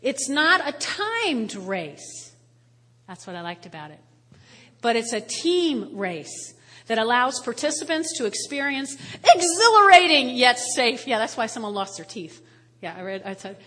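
A woman in her fifties, a pastor preaching a sermon with animated, playful storytelling. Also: a little high, unhurried. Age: 50s. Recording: reverberant hall.

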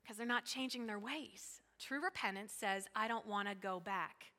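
A woman pastor preaching a sermon in a church, lively and conversational, with asides and quick laughs. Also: mid-range voice, long reverb tail. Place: church sanctuary.

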